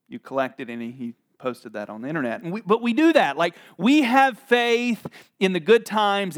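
A man preaching a sermon as pastor, joking and animated, with laughs and acted asides. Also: a little high.

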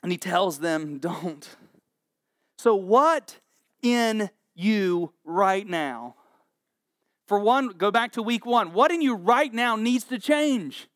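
Here a pastor in his forties takes his time, his voice high as he preaches. Full of jokes and animation, he tells scripture stories while acting out the voices. The audio is clean studio sound with no room sound.

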